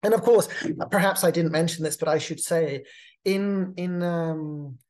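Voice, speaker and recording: A host giving a measured, advisory talk on pitching, often repeating words as they restart a phrase. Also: steady tone, a little mellow. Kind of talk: instructional monologue.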